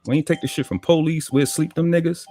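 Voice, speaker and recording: A Baltimore-accented father rants profanely as a guest in a livestream conversation, talking fast in a fairly high, warm, steady voice. A little hiss or hum sits in the recording.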